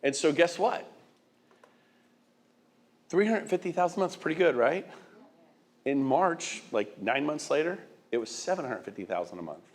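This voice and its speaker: A man's voice: fairly high pitch, expressive, normal speed, long pauses. A middle-aged man giving a motivational speech, hitting the crowd with emphatic rhetorical questions and often repeating and restarting words. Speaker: guest speaker.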